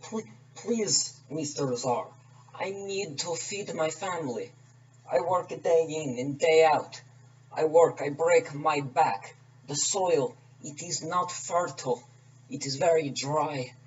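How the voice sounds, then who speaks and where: A man's voice: on the high side, slow, a little hiss or hum, pitched above the performer's own voice. A man voicing a poor male peasant farmer in a put-on Russian accent, begging in a raised voice. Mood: pleading. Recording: distant mic, dull and lo-fi.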